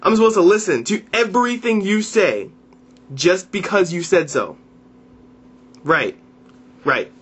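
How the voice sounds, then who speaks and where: A man's voice: high-pitched, animated, a little slow, pauses often, fairly bright tone, husky. A young man ranting to camera in a vlog, exasperated and profane, often repeating and restarting his phrases. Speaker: vlogger.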